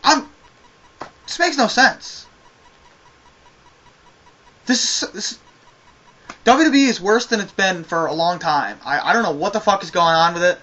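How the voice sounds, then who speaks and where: A man's voice: sits high, lively intonation, moderate pace, a bit bright, muffled recording. A man giving a casual spoken review of a wrestling show, ranting with exasperation and a lot of swearing.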